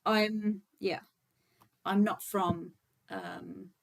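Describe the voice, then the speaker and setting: A woman's voice: medium pitch, fairly even intonation, very slow, gravelly. Young woman, casual livestream host, chatty, lots of filler words. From Birmingham, England. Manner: chatty and informal, many fillers, talks to viewers while setting up. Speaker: livestream host, vegan activist.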